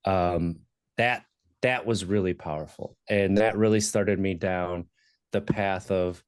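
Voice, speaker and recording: A man in his thirties speaks in a very low voice, candid and reflective, pausing on fillers as he tells his own story as a podcast guest. The recording is dry and close. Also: fairly even intonation, smooth, no room sound. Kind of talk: personal story in conversation.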